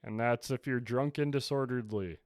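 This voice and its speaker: Young man, podcast co-host, laid-back, dry delivery, smooth clear voice, dry close sound. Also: mid-range voice, moderate pace, dry recording. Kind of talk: casual chat.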